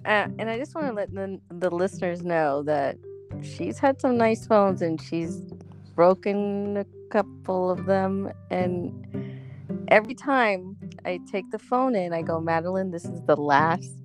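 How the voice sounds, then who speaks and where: A woman co-hosting a podcast in casual chat, laughing often as she talks. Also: unhurried. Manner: laughs often, lively pitch. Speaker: podcast co-host. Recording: faint guitar music underneath. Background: faint guitar music.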